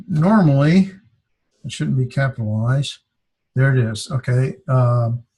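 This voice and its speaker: In his classroom lesson, this Greek teacher keeps stopping to spell out each syllable aloud, moving at a slow, halting pace. He has a middle-pitched voice with a touch of huskiness.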